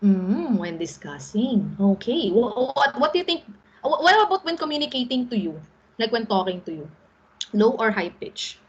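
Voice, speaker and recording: A middle-aged woman teacher with a Filipino accent, her voice a little husky and pitched fairly high. She lectures patiently to an online class, pausing often to check that her students follow. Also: big pitch swings, muffled recording. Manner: explains patiently, often checks in with "all right?".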